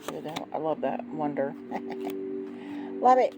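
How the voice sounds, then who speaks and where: A woman's voice: sits low, little pitch movement, takes it slowly, loud music behind the voice, low-quality recording. A woman chatting casually in a vlog, showing her tarot decks and gushing over them, sleepy and yawning. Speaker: tarot deck reviewer.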